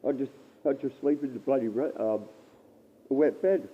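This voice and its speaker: A man rambling and halting through a casual livestream chat from a dark shed, often repeating himself and swearing. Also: medium pitch, breathy edge. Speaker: live streamer. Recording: tinny phone-like stream audio.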